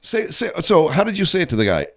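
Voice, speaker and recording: A man's voice: a little high, wildly swooping pitch, fast. A man hosting a comedy call-in radio show, asking probing, incredulous questions and swearing freely. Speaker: radio host.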